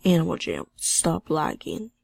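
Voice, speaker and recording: A woman's voice: deep voice, very animated, a little slow, vocal fry, darkish tone, dry recording. A teenage girl with a sore throat, talking in a subdued way over gameplay and reading chat messages aloud. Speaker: gaming channel host. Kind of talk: casual gameplay commentary.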